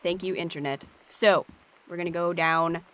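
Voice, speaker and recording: A woman's voice: lowish voice, fairly even intonation, moderate pace, a bit bright. Chatty woman narrating gameplay. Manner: chatty and upbeat, thinking aloud. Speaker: let's play host. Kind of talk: casual gameplay commentary.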